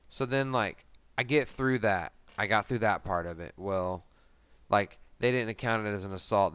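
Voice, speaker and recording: Thirties guy hosting a podcast, swears nonstop, rambly story, lowish smooth voice, dry close sound. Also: a bit bright, no room sound. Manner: profane, rambling, heavy swearing and fillers. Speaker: podcast host. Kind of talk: casual storytelling.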